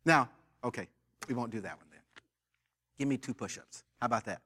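A man's voice: medium pitch, fairly quick, sharp tone, husky. An American man preaching a sermon in church, leading call-and-response with the congregation and joking with its members. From United States. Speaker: pastor.

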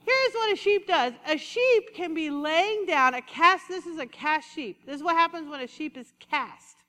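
A woman preaching a conversational, animated sermon, acting out little asides as she goes. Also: extremely high pitch, normal speed, in a large hall.

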